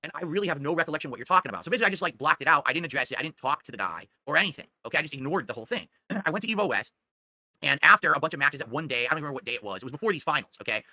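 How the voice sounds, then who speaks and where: Middle aged guy rambling thru a story real fast, keeps going "okay?", kinda defensive, dry close sound. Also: fairly high pitch, lively intonation, bright, forceful tone, no room sound. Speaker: streamer telling a story. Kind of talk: casual storytelling.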